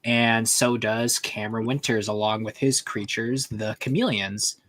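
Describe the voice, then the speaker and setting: A man's voice: fairly low pitch, steady tone, unhurried, fairly bright tone. A man hosting a livestream over online voice chat, chatting loosely and summing up a fan story with fillers and restarts. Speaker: livestream host.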